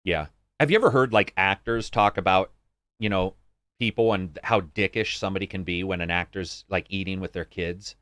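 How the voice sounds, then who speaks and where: An American man co-hosts a podcast, chatting casually at normal speed in a clean, dry studio recording. He's animated and swears freely, acting out greetings in a higher voice.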